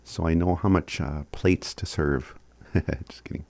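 Slow, deep-voiced man teaching phrases. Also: steady tone, a little mellow, no echo. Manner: chuckles often, sounds out words slowly. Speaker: language teacher. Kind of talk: casual recorded lesson.

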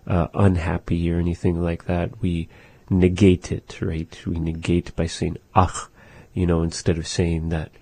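A very low, mellow male voice, recorded close and dry. He teaches words of his language in a casual lesson, saying phrases slowly and musing aloud with "uh" and "you know". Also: little pitch movement, vocal fry, slightly rough, no room sound. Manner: repeats phrases slowly, thinks aloud with fillers.

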